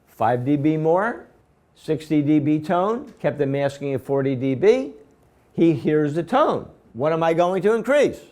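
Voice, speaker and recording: A man's voice: a little high, animated, measured pace, a little mellow. A man teaching a class, walking through a procedure step by step and repeatedly quizzing his students with questions. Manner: step-by-step, repetitive explaining. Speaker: instructor. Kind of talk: classroom lecture.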